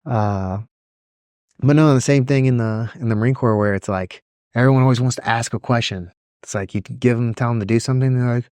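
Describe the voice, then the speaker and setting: A man co-hosting a podcast, chatting casually and telling animated stories, often mimicking people in a higher voice. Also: normal speed, dry recording. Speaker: podcast co-host. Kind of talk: casual chat.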